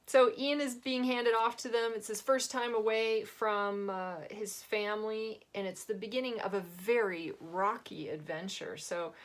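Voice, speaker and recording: A woman author hosting her own book reading, chatty and giggly, sniffling from allergies. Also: mid-range voice. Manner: chatty, giggly, lots of fillers. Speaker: author and host. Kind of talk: casual chat and book reading.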